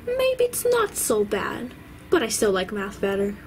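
A woman's voice: mid-range voice, wildly swooping pitch, unhurried, slight background noise. A woman voicing a toddler boy who loves math and shows off, in a toy-doll play video. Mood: chatty. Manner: show-off exclamations.

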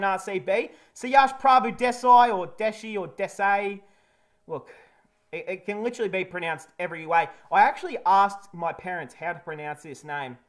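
A man hosting a casual cricket match review, talking candidly and jokingly with some blunt swearing. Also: high voice. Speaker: cricket video host.

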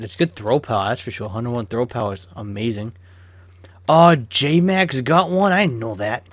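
A man's voice: mid-range voice, no echo. A young man giving casual, chatty commentary on a football video game as he opens card packs, swearing freely and flaring up in sudden rants. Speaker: gaming YouTuber.

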